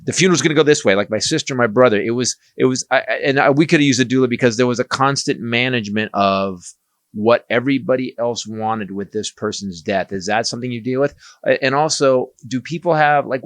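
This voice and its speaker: A man's voice: medium pitch, fairly quick, no echo. A middle-aged man co-hosting a comedy podcast, joking, laughing often and asking questions. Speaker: podcast co-host. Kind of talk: casual podcast chat.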